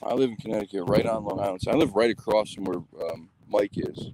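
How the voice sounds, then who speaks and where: Out in the rain with his dog, a man who hosts a show rambles cheerfully into a phone in a casual vlog. He talks quickly in a lowish voice, and background noise is audible.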